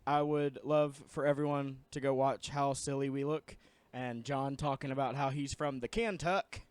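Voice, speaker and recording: A man's voice: medium pitch, steady tone, normal speed, clean tone, dry recording. Man, young adult, podcast co-host, easygoing rambling chat, dry close sound. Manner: laid-back, rambling, fond of jokes. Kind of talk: casual chat.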